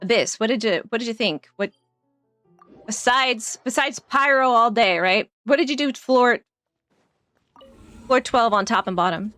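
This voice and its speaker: Chatty gamer girl talking through her run, kinda high voice, dry close mic, little music under. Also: moderate pace, pauses often, pushed and bright, no echo. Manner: chatty, laughs often, trails off while thinking. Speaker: game streamer. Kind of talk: casual gameplay commentary.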